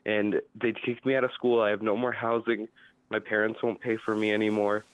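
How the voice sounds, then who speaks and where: A man's voice: little pitch movement, fairly quick, dry recording. A man calling in to a comedy show, pleading and then taunting the host. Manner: pleading, then taunting in squeaky mock voices. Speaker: caller. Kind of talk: comedic phone call. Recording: tinny dry phone line.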